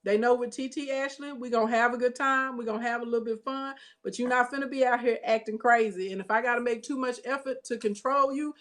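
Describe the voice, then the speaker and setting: A woman with a slightly high voice tells a story in a relaxed, chatty monologue. She talks with sass and emphasis and keeps checking in with the audience. Her tone carries some firm bass underneath. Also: quick pace, hardly any pauses. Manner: emphatic, sassy, with frequent "okay?" check-ins. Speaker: online business coach and vlogger.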